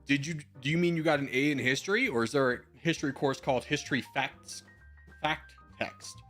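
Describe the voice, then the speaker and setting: A man's voice: fairly high pitch, brisk, a bit bright, soft background music. A man in his twenties, a streamer in casual chat, giving rambling advice with slang and the odd swear while answering viewer messages.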